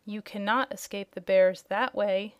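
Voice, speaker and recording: A woman voicing a kind, unseen young girl who speaks in gentle tones in a storybook reading. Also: mid-range voice, a little slow, clear, resonant tone, dry recording, studio quality, natural voice. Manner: gentle, urgent when warning.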